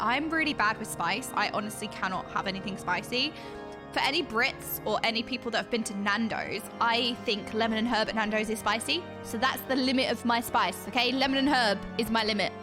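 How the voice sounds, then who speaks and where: A young woman streams a game over background music, giggling and chatting casually with her viewers. She sounds bubbly and chatty as she reacts to chat, her voice fairly high and fairly quick.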